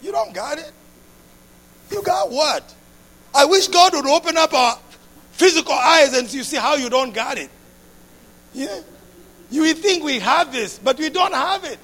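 A man preaching a sermon with passion, repeating phrases and building up to shouts. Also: very high voice, lively intonation, a little slow, pauses often.

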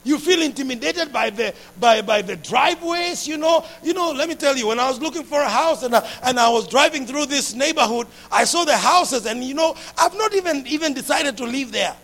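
Man, preacher, sermon, very high voice, bright tense tone, impassioned, climbs to shouting. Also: lively intonation, a little fast, few pauses. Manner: impassioned, builds to shouting, repeats phrases.

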